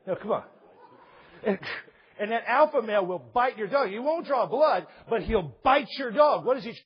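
A man preaching a sermon, animated, acting out parents and children, sometimes raising his voice to a shout. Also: high voice, breathy edge. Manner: raises voice to a shout at points. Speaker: pastor. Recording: dull lo-fi recording.

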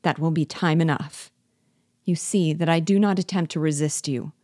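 A woman voicing a gentle, loyal man who speaks softly and persuasively, slowly and without anger. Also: deep voice, fairly even intonation, no echo, studio quality. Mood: pleading. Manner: soft, persuasive, slow.

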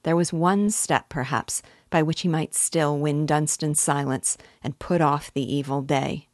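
Low-voiced woman reading a classic novel. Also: fairly even intonation, unhurried, no room sound, studio quality. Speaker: literature teacher.

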